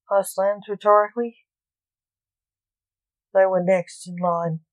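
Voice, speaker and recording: A woman narrating a short story in a plain, even reading. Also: medium pitch, measured pace, long pauses, no room sound, rough recording.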